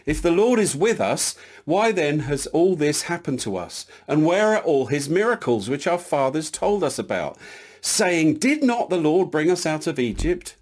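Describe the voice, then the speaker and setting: This is a frightened, doubting young farmer who is sure he is the least of his clan. A man performs him, lifting his pitch high and letting it climb in plaintive, pleading lines. His voice sounds strained and small. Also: big pitch swings, moderate pace, darkish tone. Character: anxious doubting young farmer, timid and self-pitying.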